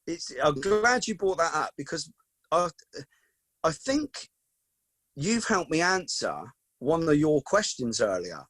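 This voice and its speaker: A man's voice: fairly high pitch, takes it slowly, long pauses, no room sound. Chatty man in his forties. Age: 40s. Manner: lively anecdotal, peppers talk with "mate" and "do you know what I mean". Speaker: podcast guest, football coach. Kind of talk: casual storytelling chat.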